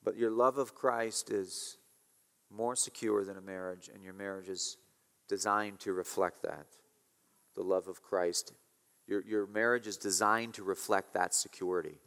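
A man's voice: low-pitched, fairly even intonation, a little slow, a bit bright. Emphatic male preacher in a reverberant hall. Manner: emphatic, repeats key phrases, rises and drops in volume. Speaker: pastor. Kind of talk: expository sermon.

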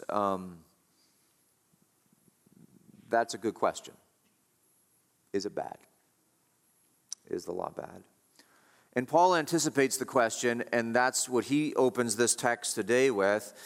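A man's voice: fairly low pitch, a bit bright. A man preaching a sermon as pastor, asking rhetorical questions and repeating his points with emphasis. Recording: long hall reverb.

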